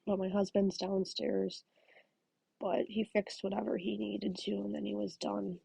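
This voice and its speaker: A woman chatting casually at home while she crochets, telling rambling stories and dropping into soft asides. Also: mid-range voice, flat delivery, a little slow, gravelly, slightly rough, dry recording. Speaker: crafting vlogger. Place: home craft room.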